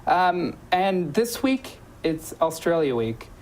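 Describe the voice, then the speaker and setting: A woman's voice: lowish voice, sing-song, slow pace, darkish tone, low-quality recording. A woman hosting a local talk show, chatting casually with lots of ums and restarts. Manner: chatty, many ums and self-corrections. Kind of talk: casual promotional chat.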